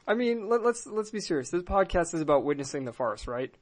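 A podcast host, a man whose voice sits a little high for his sex. He rambles sarcastically through his opinions in a loose, casual way. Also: very animated, a little fast. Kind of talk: casual comedic podcast chat.

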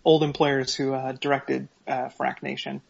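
A man's voice: mid-range voice, flat delivery, moderate pace, vocal fry. A man co-hosting a podcast, reading an email aloud with sarcastic, profane, mock-dramatic commentary. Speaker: podcast co-host. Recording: slightly dull lo-fi podcast audio.

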